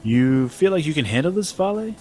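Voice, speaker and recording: A man voicing a worried young girl explorer, gentle and concerned. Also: a little high, big pitch swings, fairly quick, faint music behind.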